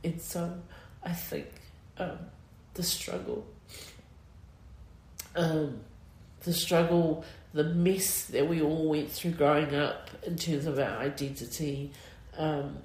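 A middle-aged woman, speaking in an interview, emotional and near tears, talking haltingly with many pauses and fillers. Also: low voice, fairly even intonation, a little mellow, echoey room, rough recording. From New Zealand. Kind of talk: personal interview.

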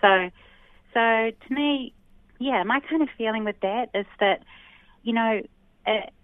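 A woman's voice: on the high side, a little slow, no echo. A New woman, a sociolinguist, explaining ideas thoughtfully on a radio phone interview, with many hesitations. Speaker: sociolinguist guest. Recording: tinny phone line.

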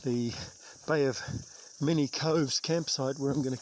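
Out on a bush trail, a male New Zealand hiking vlogger chats to the camera in a relaxed, self-mocking way, with a bit of mild cursing. He has a mid-range, darkish voice with fairly even intonation and a slightly slow delivery, while insects and outdoor sounds fill the background.

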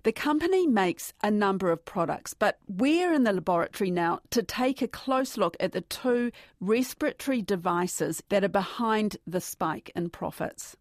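A woman's voice: medium pitch, lively intonation, normal speed, few pauses, dry recording. Masked woman reporter, muffled and dry. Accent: New Zealand. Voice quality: muffled by a face mask. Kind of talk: news narration.

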